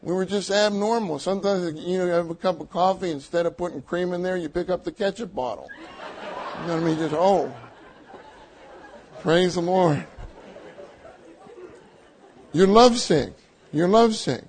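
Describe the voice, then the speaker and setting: A man's voice: sits high, moderate pace, a little mellow, some chatter behind, poor audio. An older man preaching a sermon to a meeting, emphatic, repeating his key phrases and laughing lightly between points.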